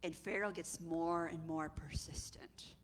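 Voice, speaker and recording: A woman preacher giving a sermon, retelling a story in a lively, conversational way and acting out its characters. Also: low voice, a little slow. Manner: animated, conversational storytelling with acted voices. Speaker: executive director and preacher.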